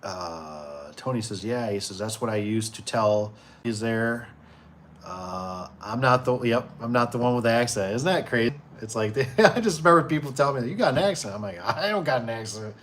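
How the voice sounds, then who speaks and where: A man's voice: lowish voice, moderate pace, fairly bright tone, slight background noise. A man in his forties hosting a casual livestream for his door and gate business. He reads viewer comments aloud and rambles easily, with many fillers and restarts. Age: 40s.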